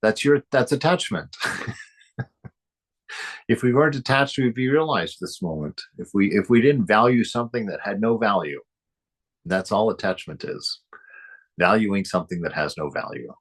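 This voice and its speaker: A man's voice: lowish voice, lively intonation, normal speed, pauses often. A man reading a spiritual book aloud and commenting on it, speaking emphatically, repeating phrases and chuckling often.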